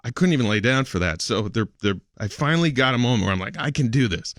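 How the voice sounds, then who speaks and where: A man on a radio show telling a personal story in a halting, hesitant way, laughing often between words. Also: medium pitch, lively intonation, fairly bright tone, no echo, clean studio sound. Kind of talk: emotional radio studio talk. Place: radio studio.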